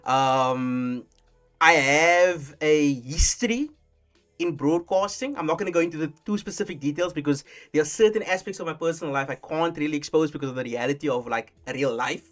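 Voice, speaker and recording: Rambling streamer with faint music. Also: male voice, fairly high pitch, normal speed. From South Africa. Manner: rambling, animated, with many restarts and fillers. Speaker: streamer host. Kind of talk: casual live-stream chat.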